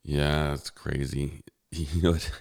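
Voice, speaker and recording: A man chatting casually with a friend over an online call, telling animated stories and laughing often. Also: a bass voice, slow pace, vocal fry. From Canada. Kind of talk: casual chat. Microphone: headphones on an online call.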